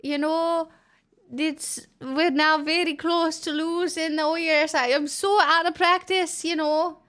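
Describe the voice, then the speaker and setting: A woman's voice: extremely high pitch, steady tone, a little slow, fairly bright tone. A woman with an Australian accent hosting a live stream, chatting casually and narrating aloud as she tastes food. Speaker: livestream host.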